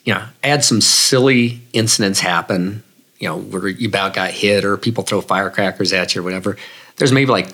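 A man's voice: lowish voice, sharp tone. Casual, reflective male storyteller. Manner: reflective, casual, lots of fillers like "you know". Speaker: guest, long-distance runner. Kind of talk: storytelling in an interview.

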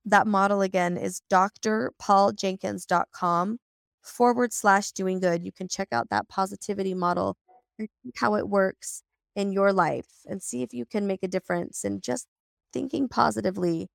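A woman hosts a podcast conversation with a scratchy, gravelly edge to her voice as she recovers. She talks effusively and gratefully, tripping over and restarting her sentences. The sound is close and dry. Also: mid-range voice, steady tone, normal speed, no echo. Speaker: podcast host. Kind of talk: casual interview chat.

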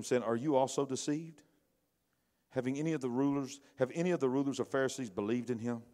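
Middle-aged preacher, man, chatty sermon voice, loud peaks and quiet asides. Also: medium pitch. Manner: conversational preaching, swings between loud bursts and hushed asides. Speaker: pastor.

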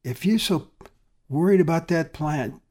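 A man voicing a gentle, patient God. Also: a little high, a little slow. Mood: gentle questioning. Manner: calm, gently questioning.

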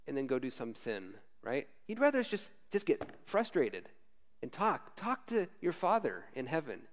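A man's voice: mid-range voice, lively intonation, moderate pace. A man preaching a casual, conversational sermon as a former missionary, frank and informal, often tagging lines with "right?".

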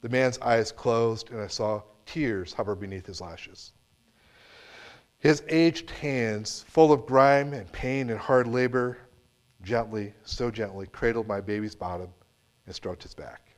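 A man's voice: mid-range voice, unhurried. A man preaching a sermon, reading a story with dramatic swings from full voice down to near-whispers. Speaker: pastor.

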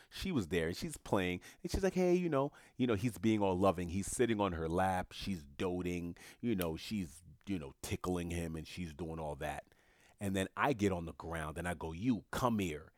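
A man with a low, deep voice telling a story in casual conversation. He gets animated and acts out the lines of the people in his story. The sound is dry and close, with no room around it. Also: dry recording.

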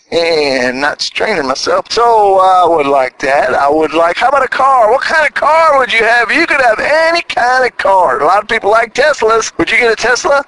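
An older man talking to listeners in a casual, folksy monologue, asking them question after question. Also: low-quality recording. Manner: folksy, chatty, asks the listener lots of questions; animated, swinging between high and low.

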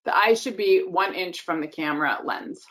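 A woman casting director answering interview questions in an animated, emphatic way, with quick asides. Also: on the low side. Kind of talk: casual interview talk.

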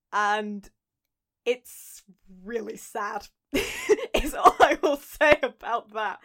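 A woman's voice: mid-range voice, fairly bright tone. A woman hosting a cast Q&A, reading out listener questions and coyly teasing what comes later in the story. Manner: playful, coy. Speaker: show creator, reads listener questions. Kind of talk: casual chat.

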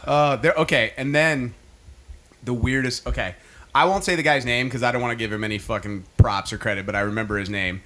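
A man's voice: mid-range voice, brisk, bright, forceful tone. A man telling anecdotes in casual chat, chatty and often laughing. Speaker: podcast co-host.

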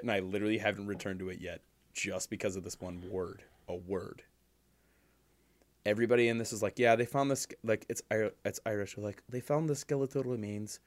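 A young man, a podcast co-host, telling a story in casual chat, animated and swearing freely. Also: lowish voice.

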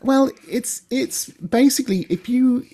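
A woman's voice: fairly high pitch, unhurried, dark tone. A woman, working as a voice coach, explaining in a chatty way and demonstrating sounds.

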